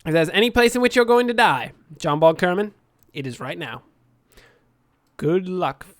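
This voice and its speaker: A man's voice: sits high, sing-song, brisk, fairly bright tone, no room sound. A man commentating on his own gameplay for a channel he hosts, joking in a dry, sarcastic way. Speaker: gaming channel host. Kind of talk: let's play game commentary.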